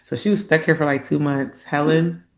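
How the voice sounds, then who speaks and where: An American woman co-hosting a podcast, telling stories in an animated, casual way. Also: low-pitched. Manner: animated storyteller, drawn-out complaints. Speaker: podcast co-host. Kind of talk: casual chat.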